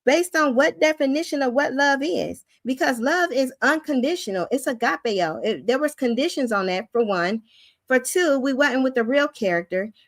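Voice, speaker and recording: A woman's voice: high voice, animated, moderate pace, no room sound. A woman giving an emphatic spiritual teaching, full of rhetorical questions and repetition. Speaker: preacher and teacher.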